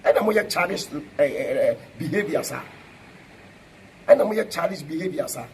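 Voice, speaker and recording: Ghanaian guy firing back at a critic, loud and repetitive, kinda high voice, light hiss behind. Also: expressive, normal speed, rough recording. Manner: emphatic, repetitive, confrontational. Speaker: preacher answering a critic. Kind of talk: fiery spoken reply mixing Twi and English.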